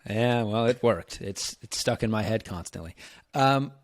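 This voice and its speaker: A man's voice: on the low side, normal speed, no room sound. A man hosting a casual sports podcast, easygoing and agreeable, laughing along with his guest. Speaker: podcast host.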